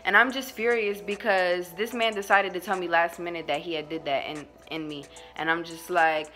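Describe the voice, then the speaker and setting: A woman's voice: fairly low pitch, fairly even intonation, moderate pace, hardly any pauses, sharp tone, soft background music. A young woman vlogger telling a personal story in a casual, slangy way, laughing often as she goes.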